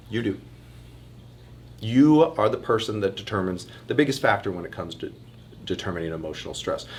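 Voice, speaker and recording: A man, a chiropractor, giving a casual online health workshop. He talks to his listeners in a chatty, animated way and calls them "you guys". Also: fairly low pitch, a little hiss or hum.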